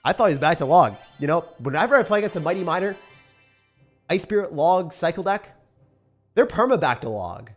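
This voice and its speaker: A young man giving rambling, casual commentary on his gameplay, excitable and sometimes swearing. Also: fairly high pitch, brisk, faint music behind. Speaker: gaming YouTuber.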